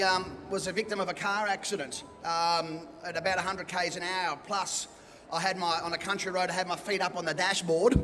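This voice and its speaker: A middle-aged man with an Australian accent tells stories from the stage in a chatty, self-deprecating way. His voice sits high for a man and sounds bright and forceful. It rings with the long reverb of a hall. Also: slight background noise. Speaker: event speaker and MC. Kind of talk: personal storytelling talk. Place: event hall.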